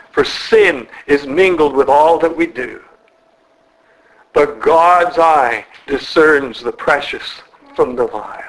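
A man preaching an earnest sermon in a church, slowing and dropping his voice to stress key words. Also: fairly high pitch, a bit bright, low-quality recording. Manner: earnest, slows and drops for emphasis.

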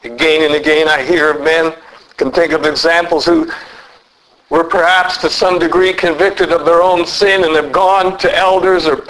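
High-voiced man preaching a sermon. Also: low-quality recording. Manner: earnest preaching, rising to emphatic peaks; lively pitch, slows down for emphasis.

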